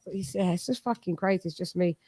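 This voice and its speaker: A woman's voice: lowish voice, fairly quick, dark tone, dry recording. A woman from East London with a Cockney accent, hosting a boxing channel in casual, rambling, slang-filled chat. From East London, England.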